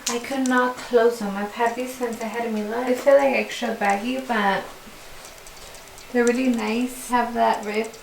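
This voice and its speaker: Chatty higher-voiced young woman vlogging. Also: fairly even intonation, measured pace, vocal fry, slight background noise, poor audio. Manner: chatty, casual, lots of filler words. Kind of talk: get-ready-with-me storytelling.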